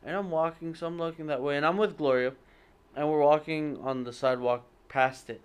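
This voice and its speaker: A man's voice: a little high, fairly even intonation, a little fast, smooth. A young man telling a long story to friends, rambling and hesitant, with lots of fillers and self-corrections. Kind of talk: casual storytelling among friends.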